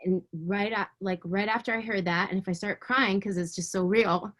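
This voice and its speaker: A woman guest tells her faith story in an interview, her voice sitting at an ordinary middle pitch. She speaks with raw emotion, stumbling and repeating words as she pushes through, then turns fervent and earnest. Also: steady tone, moderate pace, fairly bright tone. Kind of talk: personal faith testimony in conversation.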